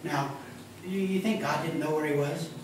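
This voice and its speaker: A man's voice: on the high side, moderate pace, a little hiss or hum. Male pastor preaching in an echoey hall. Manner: animated, joking, conversational. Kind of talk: sermon. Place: church sanctuary. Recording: echoey church hall from a distance.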